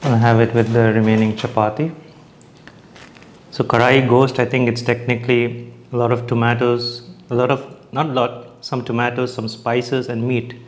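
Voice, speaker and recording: Young guy doing a food review, talks while eating, lots of restarts, mid pitch. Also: little pitch movement, moderate pace. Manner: chatty, eats while talking, hesitant restarts. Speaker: food vlogger.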